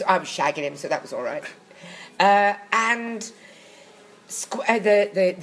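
A woman's voice: medium pitch, slight background noise, poor audio. A woman chatting in an interview, telling wry, bawdy stories and dropping into comic voices for the people in them. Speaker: guest recounting her acting past. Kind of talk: anecdotal interview chat.

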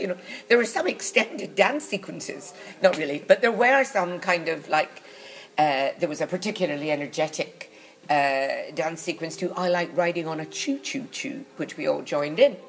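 In an interview about her acting past, a woman with a lowish voice tells wry, bawdy anecdotes, slipping into comic voices for the people involved. The recording is rough.

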